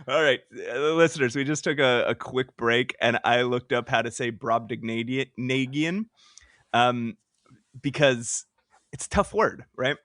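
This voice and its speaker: Male podcast co-host: bright, lively delivery, laughs a lot, dry studio sound. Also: mid-range voice, dry recording. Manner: laughs often, quick excitable storytelling. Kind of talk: casual chat.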